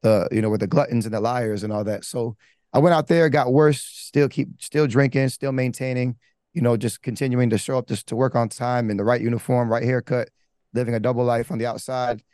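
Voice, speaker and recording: This pastor's testimony comes out brisk and rambling, a candid, casual life story with slang, many fillers, and restarts. His mid-range voice is a little mellow with fairly even intonation, and the clean studio sound has no echo.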